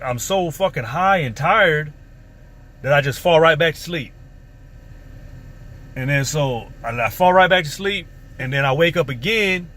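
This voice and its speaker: A vlogger casually recounts a story from his past in a profane, streetwise, rambling way. His voice is a little high, bright and forceful, with faint background noise.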